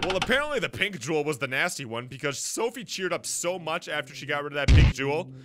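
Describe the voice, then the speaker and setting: A man giving excitable, self-mocking let's play commentary, swearing and reacting to a video game. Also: on the high side, fast, hardly any pauses, background noise. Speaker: gaming YouTuber.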